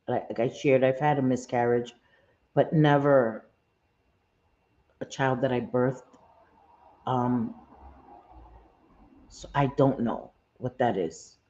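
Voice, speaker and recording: In a muffled recording, a woman with a very deep, dark voice hosts a casual livestream. She talks straight to her viewers, repeating phrases and using many "um" fillers.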